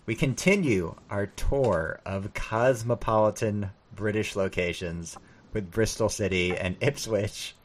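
A man's voice: on the low side, a little slow, slight background noise. A man hosting a podcast, moving things along with a dry wit. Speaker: podcast host. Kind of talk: casual chat.

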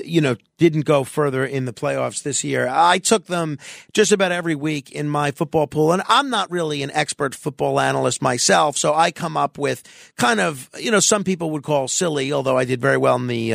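Gravelly-voiced radio host, dry studio sound. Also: male voice, on the high side, fairly bright tone, dry recording. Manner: halting, many fillers and restarts. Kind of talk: late-night radio interview.

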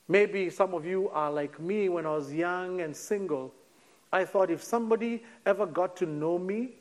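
A male preacher with a high, bright voice delivers a sermon in a church hall. He sinks to a soft hush on key words and slows down for weight, then lifts his voice again. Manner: preaching with dramatic drops to a near hush and sudden lifts; slows right down on key phrases. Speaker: pastor.

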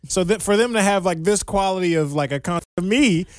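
A man's voice: high-pitched, fairly quick, no echo, studio quality. A man co-hosting a podcast, chatting casually and laughing often. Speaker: podcast co-host. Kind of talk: casual chat.

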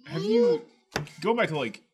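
A man on a casual podcast, chatting and reacting with quick remarks. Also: very high-pitched, huge pitch swings, highs cut off. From South Carolina. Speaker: podcast co-host. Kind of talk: casual chat.

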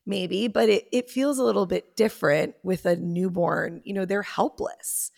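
A woman's voice: mid-range voice, normal speed, creaky, a little mellow. A woman therapist as a podcast guest, explaining reassuringly with frequent "like" fillers. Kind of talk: casual podcast conversation.

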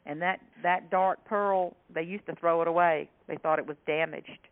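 A woman from South Carolina, an author and humorist, telling stories in an animated way as a guest in an interview. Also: lowish voice, moderate pace. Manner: animated, laughing storyteller. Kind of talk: storytelling interview chat. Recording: tinny phone line.

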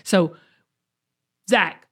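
A woman's voice: drawn-out words, a bit bright, no echo, clean studio sound. A middle-aged woman, hosting a casual chat and talking in an upbeat, motivational way. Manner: upbeat, motivational, uses y'all. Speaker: show host.

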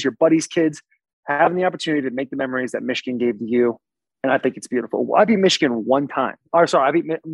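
A man's voice: on the high side, no echo, poor audio. A young man, a pro football player, chatting as a podcast guest in a boisterous, laid-back storytelling way. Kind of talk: casual podcast chat.

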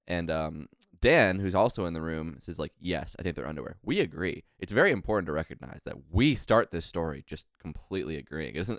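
A man's voice: sits low, fairly bright tone, no room sound, studio quality. A man co-hosting a podcast, telling a long rambling story in casual chat. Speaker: podcast co-host.

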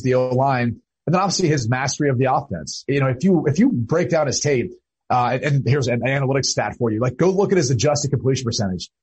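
A male football analyst explains his points in a steady, measured way and fills his pauses with "uh". His voice is mid-pitched and slightly husky. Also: low-quality recording. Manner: measured, explanatory, many uh fillers. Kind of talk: casual analytical talk.

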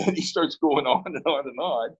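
A man's voice: a little high, normal speed, husky, lo-fi sound. A man from Pittsburgh, a guest in an interview, telling a story in a casual way and acting out both sides of the dialogue.

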